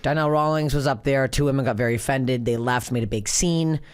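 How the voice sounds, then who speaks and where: A woman comedian hosting her podcast, rattling off a wild story at a very quick clip. She swears freely, stumbles over restarts and keeps the energy high. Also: clear, resonant tone. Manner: rapid, profane, animated storytelling with many restarts. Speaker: podcast host. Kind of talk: casual chat, storytelling.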